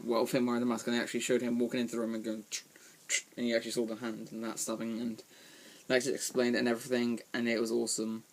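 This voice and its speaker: A man giving a casual spoken film review from a room at home, rambling with lots of ums and restarts. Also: medium pitch.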